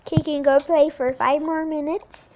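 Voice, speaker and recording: A woman voicing a caring mother who gently puts her little girl to bed, hoarse from losing her voice. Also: high voice, steady tone, normal speed, noisy background. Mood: gentle. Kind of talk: voicing dolls in a toy game video.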